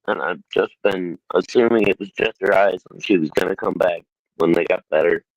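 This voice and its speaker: A man's voice: deep voice, normal speed, dry recording, rough recording. Stammering, emotional male co-host. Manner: emotional, stammering, swears casually. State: upset, near tears. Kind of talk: casual livestream chat.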